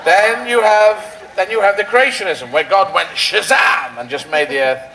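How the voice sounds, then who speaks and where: A man performing a stand-up routine on an outdoor rally stage, with a rambling, surreal, playful delivery full of quick asides. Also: sits high, bright, forceful tone, rough recording. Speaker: stand-up comedian.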